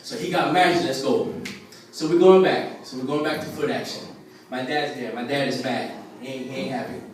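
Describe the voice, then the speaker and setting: A man's voice: medium pitch, steady tone, brisk, a little hiss or hum. A man doing a stand-up set at an open mic, telling a rambling story loosely with lots of fillers and acted-out voices. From Puerto Rican family in the US. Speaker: stand-up comedian. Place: open mic at a restaurant stage. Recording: very echoey room, voice far from camera.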